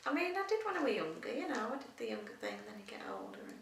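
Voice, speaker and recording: A woman's voice: high-pitched, huge pitch swings, rapid-fire, a bit bright. A middle-aged woman, chatting in a casual interview, rambling and laughing often. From England. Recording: echoey room, mic at a distance.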